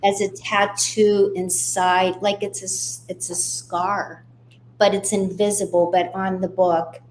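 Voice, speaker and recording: A woman tells her own story as a guest on a radio interview, speaking candidly and steadily. Her pitch sits in the middle of the range. A faint hum runs under the recording. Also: flat delivery, takes it slowly. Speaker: guest author.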